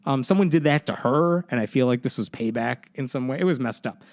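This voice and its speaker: A man's voice: medium pitch, fairly quick, darkish tone, no echo, studio quality. A young man co-hosting a podcast in casual chat, rambling with many fillers and restarts. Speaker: podcast co-host.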